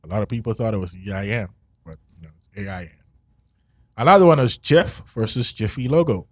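Man, podcast co-host, laid-back, explains step by step, husky, dry close sound. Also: fairly low pitch, very animated, fairly quick, no echo. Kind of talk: casual chat, presenting topics.

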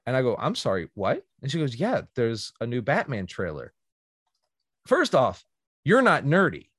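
A man's voice: medium pitch, wildly swooping pitch, moderate pace, fairly bright tone, slightly rough, dry recording, clean studio sound. A man hosting a podcast in casual chat, telling a story animatedly and acting out quotes. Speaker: podcast host.

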